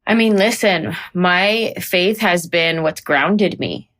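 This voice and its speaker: Animated woman comedian with a low voice. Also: slow. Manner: animated, slips into playful put-on voices. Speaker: comedian guest. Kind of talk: conversational interview.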